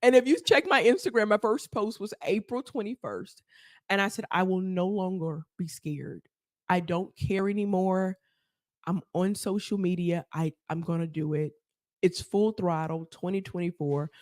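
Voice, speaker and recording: Animated woman telling her story. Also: fairly low pitch, normal speed, dry recording, clean studio sound. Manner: animated, laughs often, acts out quotes. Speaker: podcast guest, therapist. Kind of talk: casual storytelling interview.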